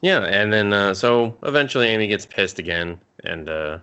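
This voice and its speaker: A man with a fairly low voice chats through a film recap as a podcast co-host. He talks loosely and swears freely, and he slips into brief mocking character voices as he retells each scene. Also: expressive, bright, forceful tone, clean tone. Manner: loose, profane retelling with quick mock-voiced quotes. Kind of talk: casual movie review chat.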